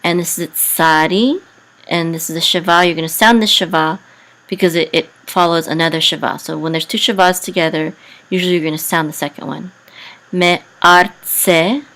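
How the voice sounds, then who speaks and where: A woman teaching biblical Hebrew reading, carefully spelling out letters and vowel sounds with frequent pauses. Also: fairly low pitch, steady tone, fairly bright tone, poor audio. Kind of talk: slow explanatory lesson.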